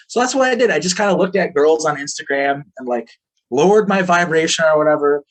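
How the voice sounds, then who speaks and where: A man's voice: a little high, animated, a little fast. A man telling a story as an interview guest, rambling, full of fillers and swearing freely. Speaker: podcast guest.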